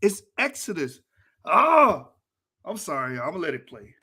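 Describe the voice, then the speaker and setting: Animated high-voiced exasperated man. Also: moderate pace, slightly rough. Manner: exasperated, animated ranting with laughs and profanity. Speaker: debate reviewer. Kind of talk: reaction commentary over a played debate.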